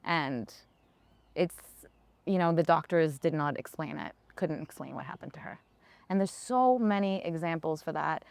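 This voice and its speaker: A woman's voice: deep voice, normal speed, creaky, dry recording. A woman speaking as a podcast guest and hypnotherapist, talking in a casual, earnest and enthusiastic way. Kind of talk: casual interview conversation. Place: town in Costa Rica.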